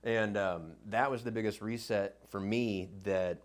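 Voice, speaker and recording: A man on a podcast telling a story in a rambling casual way, getting animated when he quotes himself. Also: fairly low pitch, a little slow.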